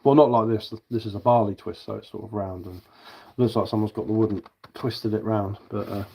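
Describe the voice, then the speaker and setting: A man's voice: fairly low pitch, steady tone, a little fast, gravelly, darkish tone, breathy edge. A man with a southern English accent chatting casually on a live stream as he carves wood, rambling and answering viewer comments while he works.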